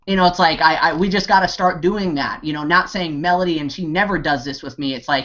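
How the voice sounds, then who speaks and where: A man's voice: on the high side, a little fast, few pauses, fairly bright tone. Rambling, pep-talking man on a lo-fi call. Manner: rambling, heavy on 'you know' and fillers, restarts. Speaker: network marketing team leader. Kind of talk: motivational talk on an online hangout.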